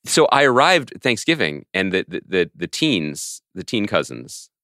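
Man, podcast co-host, lively swooping delivery, bright forceful tone, low voice, dry studio sound. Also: a little slow, no echo. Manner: animated, excitable storyteller with self-mocking asides. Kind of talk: casual podcast chat.

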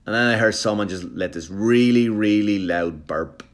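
A middle-aged man telling a rambling comic story in casual monologue, animated and profane, now and then jumping into high-pitched impressions. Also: normal speed.

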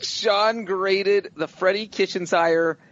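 A hoarse man on a sports podcast panel, wry and sarcastic. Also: high-pitched, steady tone, slow, a bit bright. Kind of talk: casual sports podcast chat. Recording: lo-fi remote audio.

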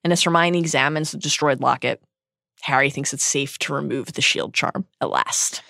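A woman's voice: a bass voice, moderate pace, gravelly, no echo, clean studio sound. A woman co-hosting a podcast, casually retelling a book's plot and dramatizing the quotes. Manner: animated storyteller, dramatizes quotes. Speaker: podcast co-host.

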